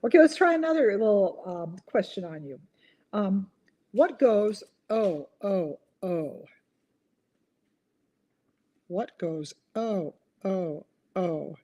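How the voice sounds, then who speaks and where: Chatty woman with a lively voice. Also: mid-range voice, takes it slowly, long pauses, highs cut off. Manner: chatty, giggles at her own corny jokes. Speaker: host of a live online chat. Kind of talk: casual live-stream chat, reading viewer comments.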